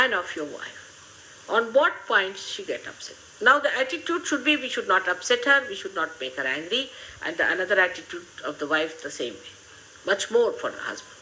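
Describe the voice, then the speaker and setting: An older woman, giving a gently humorous, motherly spiritual talk to her followers. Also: medium pitch, slight background noise, low-quality recording. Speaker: spiritual teacher.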